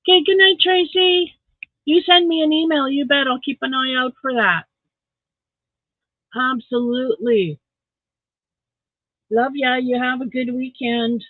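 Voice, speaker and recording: A woman's voice: high-pitched, steady tone, measured pace, pauses often, no room sound. Tired, chatty woman on a tinny stream. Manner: chatty, rambling, self-deprecating. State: tired, yawning. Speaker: livestream host. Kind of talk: casual livestream chat with viewers. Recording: tinny phone-like dry audio.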